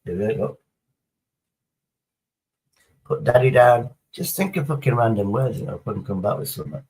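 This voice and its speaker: A man's voice: mid-range voice, expressive, moderate pace, darkish tone, rough recording. A man chatting casually on a live stream, rambling through a story and swearing heavily as he reads the chat.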